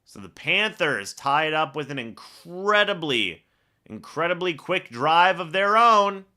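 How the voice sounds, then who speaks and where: A man's voice: on the high side, sing-song, unhurried, sharp tone. A man hosting a live fan reaction stream, calling each play like a broadcaster and chatting to viewers between snaps. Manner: calls plays like a broadcaster, then chats with viewers.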